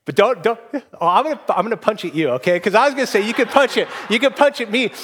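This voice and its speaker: A man in his forties preaching a sermon from a church stage, telling a story in an animated, rambling way with frequent restarts. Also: sits high, quick pace, a little hiss or hum. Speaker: pastor.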